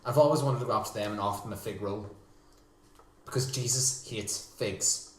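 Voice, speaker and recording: A man's voice: fairly low pitch, moderate pace, fairly bright tone. A man co-hosting a podcast, chatting casually with sarcastic, crude jokes. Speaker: podcast co-host. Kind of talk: casual banter. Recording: echoey room, faint hiss.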